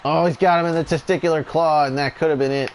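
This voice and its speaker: A man doing relaxed, chatty play-by-play commentary over a wrestling video game, going off on tangents now and then. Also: on the high side, quick pace, slight background noise.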